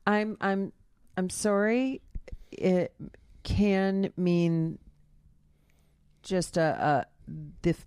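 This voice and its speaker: A woman's voice: mid-range voice, drawn-out words, long pauses, darkish tone, smooth, dry recording, clean studio sound. A woman co-hosting a casual couple's podcast, listening supportively and teasing her partner affectionately. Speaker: podcast co-host.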